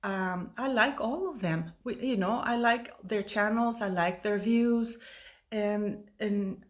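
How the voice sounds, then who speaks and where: A woman in her fifties talks through a long commentary monologue in a mid-pitched voice, tired and rambling. She stops and restarts often, and she gets emotional as she goes. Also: takes it slowly. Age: 50s. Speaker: YouTube commentator.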